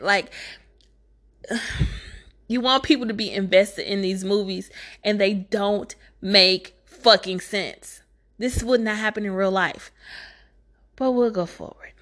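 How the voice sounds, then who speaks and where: Lady recapping a movie, all sass and eye-rolls, takes her sweet time. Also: medium pitch. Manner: sassy, exasperated, talks back to the filmmaker. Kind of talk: casual movie recap commentary.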